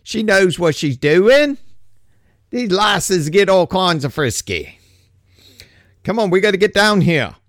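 A man's voice: high voice, fairly even intonation, moderate pace, creaky, hardly any pauses, a little mellow, no echo, clean studio sound, voice pushed up. A man voicing an eager, self-important British police officer, with an exaggerated put-on British accent.

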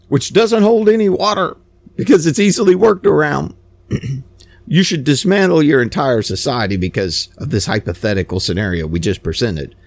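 A man's voice: sits high, creaky, dry recording. A man giving a rambling, sarcastic opinion monologue, stammering and repeating himself. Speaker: commentator.

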